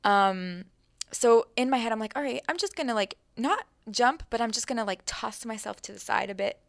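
A young woman chatting casually, telling a lively story full of fillers and acted-out thoughts. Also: a little high, moderate pace, gravelly, no echo, clean studio sound. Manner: animated, many fillers, acts out her own thoughts.

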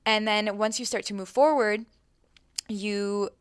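Animated young woman telling a story. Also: medium pitch, unhurried, clear, resonant tone, no room sound, studio quality. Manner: animated, many fillers, acts out her own thoughts. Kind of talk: casual chat, storytelling.

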